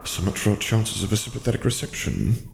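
A man's voice: lowish voice, very animated, fairly quick, gravelly, noisy background. A man voicing a nervous, fussy middle-aged admiral who speaks formally and anxiously.

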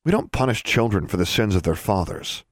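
A man voicing a fair-minded bystander who calmly reproves the others, for an audiobook. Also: fairly low pitch, a little fast, no room sound, clean studio sound. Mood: reproving. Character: fair-minded male bystander, calm, reasonable.

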